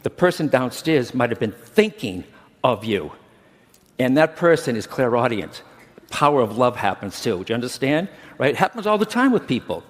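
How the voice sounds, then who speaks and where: A man's voice: mid-range voice, very animated, normal speed. Chatty middle-aged man talking in a hall. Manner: chatty, keeps checking in with the crowd. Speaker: medium teaching a workshop. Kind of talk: conference talk to a live audience. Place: large conference hall. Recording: long reverb of a big hall.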